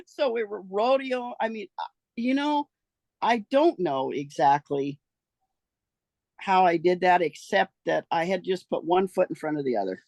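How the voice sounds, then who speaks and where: An older woman from the rural American West, her voice gravelly and rough at the edges. She rambles through her memories in a folksy way, trailing off and restarting her sentences. The recording is close and dry, with no room sound. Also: lowish voice, darkish tone, no echo. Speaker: interviewee recounting her life. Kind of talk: casual storytelling.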